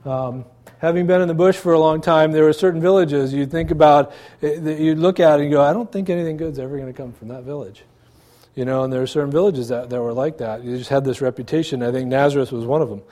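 A man's voice: on the high side, fairly even intonation, fast talker, mellow. A man, a pastor, preaching a sermon in a church, conversational, with rhetorical questions and asides to the congregation.

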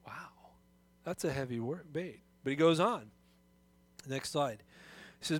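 A man's voice: a little high, normal speed, long pauses, dry recording. A middle-aged man preaching a sermon as pastor, often restarting his sentences and reading scripture with rising emphasis.

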